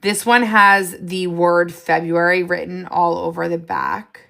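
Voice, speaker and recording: Woman, excitable, gravelly edge, chatty live-stream host, scattered, laughing. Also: fairly low pitch, a little slow. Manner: excitable, jumps between ideas, frequent laughs. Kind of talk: casual live stream chat.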